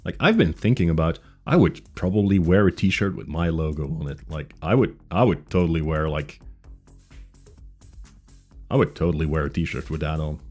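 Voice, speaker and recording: A man's voice: very deep voice, lively intonation, moderate pace, a little mellow, slightly rough. A man streaming a casual chat with his viewers, rambling through tangents with many fillers and restarts. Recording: faint music behind.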